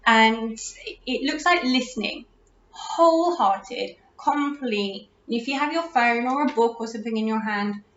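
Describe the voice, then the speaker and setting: With a fairly high voice, a middle-aged woman hosts a chatty parenting talk at home, frequently restarting her sentences and laughing warmly. The recording picks her up from a distance in a roomy space, sounding dull and lo-fi with slight background noise.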